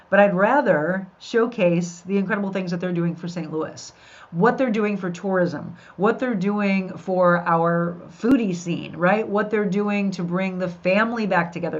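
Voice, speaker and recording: A middle-aged woman hosting a podcast, chatting upbeat and talking straight to her listeners. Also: medium pitch. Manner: upbeat, addresses listeners directly. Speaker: podcast host. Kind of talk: live podcast chat with viewers. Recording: dull lo-fi sound.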